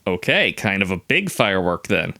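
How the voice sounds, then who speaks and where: A man's voice: low-pitched, big pitch swings, moderate pace, vocal fry, bright, forceful tone. A young adult man co-hosting a podcast, reacting to stories with wry, questioning comments. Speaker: podcast co-host. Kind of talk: casual chat.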